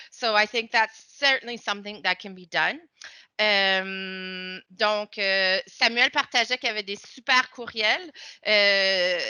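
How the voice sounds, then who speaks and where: Bilingual canadian woman moderating a panel, bright voice, kinda high, dry close sound. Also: dry recording. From New Brunswick, Canada. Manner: switches between English and French mid-sentence; chatty, animated, laughs often.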